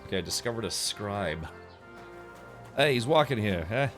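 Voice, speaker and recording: Low-voiced man rambling through a game stream. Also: expressive, moderate pace, fairly bright tone, soft background music. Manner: rambling, thinks aloud, answers chat. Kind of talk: casual gameplay commentary.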